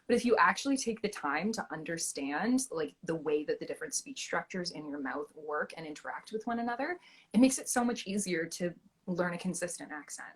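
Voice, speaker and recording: A young woman from Canada, chatting as a guest actress in a casual interview, animated and full of fillers and restarts. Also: lowish voice, fairly quick, slightly rough.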